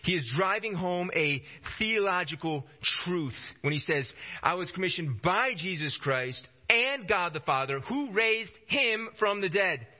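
A man's voice: high voice, lively intonation, measured pace, few pauses. A man preaching a sermon with emphasis, often repeating phrases to drive his points home. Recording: dull lo-fi recording.

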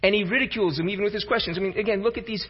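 A man's voice: high-pitched, rapid-fire, breathy edge. A man preaching a sermon, emphatic and repeating words as he starts his thoughts. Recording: reverberant hall, dull lo-fi sound.

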